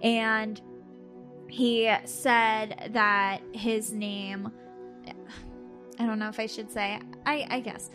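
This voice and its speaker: Woman, podcast co-host, casual storytelling, slightly high voice, animated, laughs often, faint music behind. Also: very slow, long pauses. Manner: animated, laughing often, acting out her own past lines.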